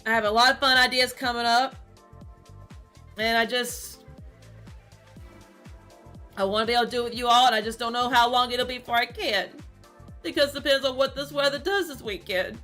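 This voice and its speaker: Upset woman with a bright voice. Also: fairly high pitch, fairly quick, long pauses, soft background music. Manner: rambling, repeats words, talks straight to her chat. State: upset, close to tears. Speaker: streamer. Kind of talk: casual talk to camera.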